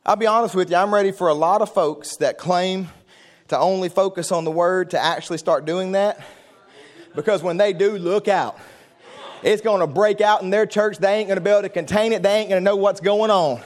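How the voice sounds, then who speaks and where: A man preaching a sermon in a church, fervent and building to shouted call-and-response. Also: high-pitched, a little fast. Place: church sanctuary.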